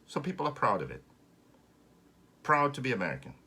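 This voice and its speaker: A man's voice: medium pitch, brisk, slightly rough. A man from Finland with a Finnish accent, hosting a casual live stream and ranting sarcastically with plenty of swearing. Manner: sarcastic, swearing, animated rant.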